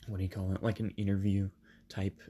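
A man in his twenties hosting a podcast from a bedroom padded with soft things. He is slightly sick and tells his story casually, with many ums and self-corrections. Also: sits low, little pitch movement, fairly quick, slightly rough. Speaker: podcast host.

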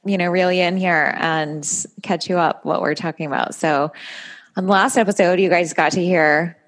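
A woman co-hosting a podcast in casual chat, frank and quick to laugh, swearing freely as she tells stories. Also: on the low side, steady tone. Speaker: podcast co-host.

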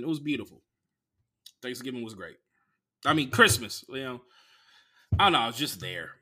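Man, Bay Area accent, comedy podcast host, profane storytelling, very bright tone, mumbles then shouts. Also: mid-range voice. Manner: swings from mumbling asides to loud shouted outbursts.

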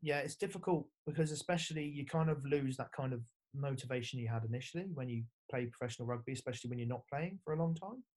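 A man's voice: mid-range voice, quick pace, hardly any pauses, darkish tone. A young man from England, a former rugby player, chatting casually as a podcast guest, full of fillers and swearing. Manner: laid-back, storytelling with lots of fillers and swearing. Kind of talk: casual chat.

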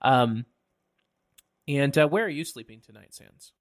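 A man narrating a tabletop game as game master, halting often with fillers as he describes the scene. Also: mid-range voice, lively intonation.

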